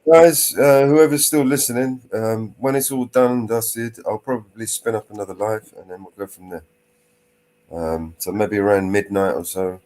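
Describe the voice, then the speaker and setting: A man's voice: fairly low pitch, fairly even intonation, normal speed, a little mellow. A man hosting a live stream in casual chat, with blunt, crude banter. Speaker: livestream host.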